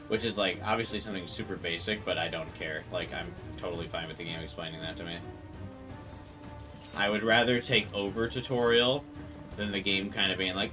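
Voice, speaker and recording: A man's voice: deep voice, fairly quick, sharp tone. A young man with a congested nose, chatting casually and rambling while playing a game, with game music behind him. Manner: rambling, swears casually, many filler likes. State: congested from allergies. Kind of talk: casual gameplay chat.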